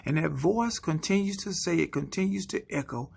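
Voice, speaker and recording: A man giving a spoken-word motivational sermon, slow and dramatic, often dropping into hushed whispers. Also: fairly high pitch, gravelly, a little hiss or hum. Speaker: motivational speaker.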